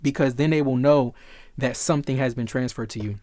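A man's voice: medium pitch, brisk, warm tone, dry recording. A man giving a casual tarot reading, emphatic and repetitive, swearing freely. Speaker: tarot reader.

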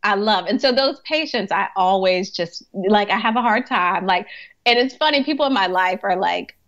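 A woman's voice: mid-range voice, expressive, moderate pace, a bit bright. Chatty woman on a dull recording. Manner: chatty, laughs often, many "like" fillers. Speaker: hospice chaplain and grief coach. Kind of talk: podcast interview storytelling.

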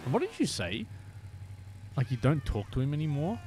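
A man streams a motorbike game, teasing his viewers in playful, casual chat and now and then sinking into a whisper. His voice sits on the high side with huge swings in pitch, at a normal speed, with noise in the background.

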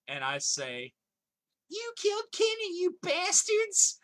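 A man's voice: mid-range voice, sharp tone. A man in his thirties streaming live, chatting casually, reading viewers' comments aloud and laughing often.

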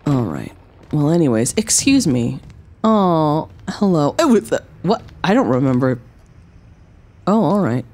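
A woman's voice: deep voice, sing-song, a little slow, darkish tone. A woman streamer giving let's-play commentary, exclaiming and swearing at the game as she plays.

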